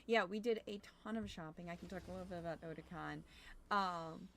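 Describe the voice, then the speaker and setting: A young adult woman streamer chatting casually while gaming, rambling with fillers and sounding a little hoarse as her voice recovers. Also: lowish voice, brisk, a little hiss or hum. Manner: animated greetings to chat. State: slightly hoarse from overuse, recovering.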